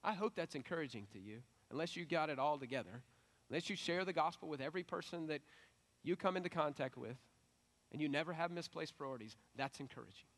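Animated man preaching a casual sermon. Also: on the high side, quick pace. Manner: conversational, animated preaching with rising emphasis. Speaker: pastor.

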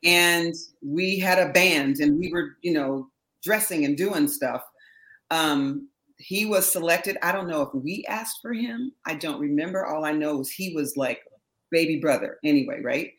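A woman from Berkeley, a session singer, telling stories in a lively, laughing way as an interview guest. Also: low-pitched, unhurried, reverberant, rough recording. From Berkeley, California. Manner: animated storyteller, laughs often. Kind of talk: casual interview chat.

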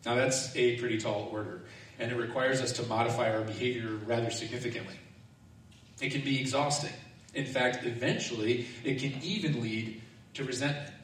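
A man's voice: medium pitch, a little fast, far from the mic. A man delivering a sermon with an easygoing, self-deprecating storytelling style and frequent chuckles. His mid-range voice sits in a big reverberant room. The mic is set back from him, and faint background noise lingers. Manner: relaxed, self-mocking storyteller who often laughs. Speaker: pastor. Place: large echoing hall or sanctuary.

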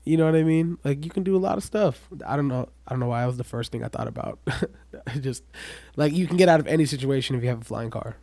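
A young man co-hosting a casual podcast, blunt and excitable, often laughing as he talks. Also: medium pitch, fast, vocal fry, hardly any pauses, no room sound. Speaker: podcast co-host. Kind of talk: casual chat.

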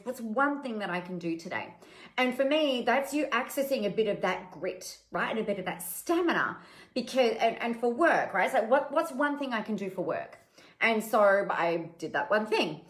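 A woman giving a candid, chatty motivational talk, full of fillers and the odd swear word. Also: fairly high pitch. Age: adult with children. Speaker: podcast host and business coach. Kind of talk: casual motivational monologue. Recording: echoey room.

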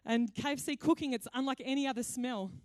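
A woman pastor preaches in a conversational, playful storytelling way. Her voice sits fairly high. The sound is dry and close. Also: a little fast, a little mellow, no room sound. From Australia. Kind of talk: sermon.

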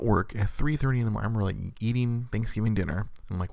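A man's voice: on the low side, fast, vocal fry, a little mellow, no room sound. A man, casually telling a rambling story to viewers, repeating words and laughing often.

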